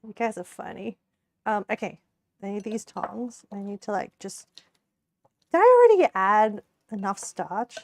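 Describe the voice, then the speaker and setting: A woman's voice: medium pitch, expressive, a little slow, a little mellow, slight background noise. A young woman chatting casually with her live-stream viewers as she cooks, giggling often between chatty, rambling remarks. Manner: chatty, giggly, laughs often, many fillers. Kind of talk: casual live-stream chat while cooking.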